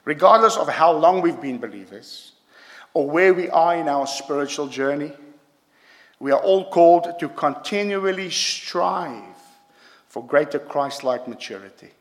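A man's voice: fairly high pitch, animated, a little slow, fairly bright tone. A man preaching a sermon to a congregation, emphatic and punctuating his points with "yeah?". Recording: long hall reverb.

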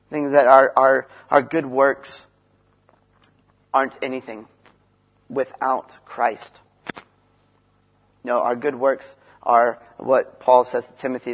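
A man preaching a sermon in an earnest way, shifting from loud emphasis to quiet, low passages and acting out short dialogues. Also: level tone, slow, pauses often. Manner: acts out dialogue between Moses and God.

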